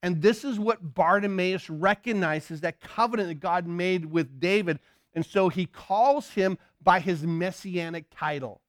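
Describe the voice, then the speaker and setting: Animated high-voiced male preacher. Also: unhurried, dry recording, clean studio sound. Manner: animated, acts out shouts and crowd voices; rhetorical questions to listeners. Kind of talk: sermon.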